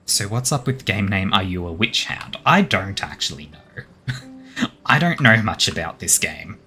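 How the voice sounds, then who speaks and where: Slow, low-voiced man chuckling over a game. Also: animated, bright, forceful tone, soft background music. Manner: chuckling, musing aloud. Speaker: streamer. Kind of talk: casual game commentary.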